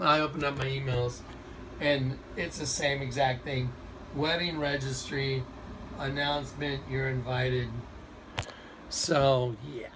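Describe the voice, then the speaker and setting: A man telling a rambling, excited story in a casual recorded monologue. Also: on the high side, a little hiss or hum, low-quality recording. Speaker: video host.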